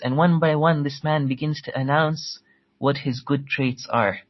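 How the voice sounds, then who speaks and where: A man with a somewhat high voice delivers an earnest religious history lecture. He tells a story, recites passages in Arabic and translates them, doubling words as he restarts phrases. The recording sounds dull and lo-fi. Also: steady tone, measured pace.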